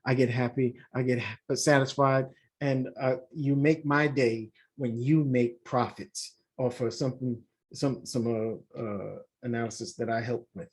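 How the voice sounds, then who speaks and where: A man hosting a trading channel, talking casually through a screen-share market review, animated and repetitive, addressing viewers directly. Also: mid-range voice, a little slow. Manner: animated, repeats himself, talks straight to viewers. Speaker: forex trading channel host.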